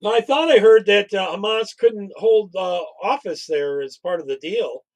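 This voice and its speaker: A man with a notably high-pitched voice co-hosting a casual political talk stream. He speaks bluntly and conversationally, offering strong opinions. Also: moderate pace, darkish tone, poor audio. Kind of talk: casual political commentary livestream.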